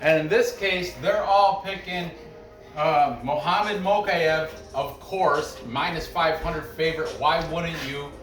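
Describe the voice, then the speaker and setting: A man's voice: on the high side, steady tone, slow, far from the mic. A man hosting a sports betting picks show, talking in a loose, rambling way with lots of restarts. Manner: loose, chatty, frequent restarts and asides. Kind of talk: casual rambling commentary. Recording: roomy echo, off-mic, faint music behind.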